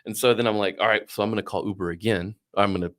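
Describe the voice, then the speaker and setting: A middle-aged man with a low voice tells a long, tangled story in a loose, casual way. He is animated and swears freely, slipping into the voices of the people he quotes. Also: rapid-fire. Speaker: podcast guest.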